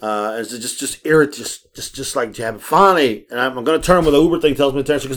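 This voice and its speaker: A man hosting a casual podcast, telling stories in an animated way, acting out the voices of people he quotes and swearing freely. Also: mid-range voice, fast talker, hardly any pauses. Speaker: podcast host. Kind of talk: casual storytelling chat.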